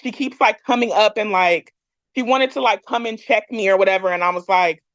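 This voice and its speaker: A woman with a mid-range voice tells her own story as a podcast guest, candid and animated. She peppers her speech with fillers and acts out what others said. The sound is dry and close, with no room echo. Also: mid-range voice, brisk. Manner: frequent fillers, laughs between lines. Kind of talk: personal storytelling.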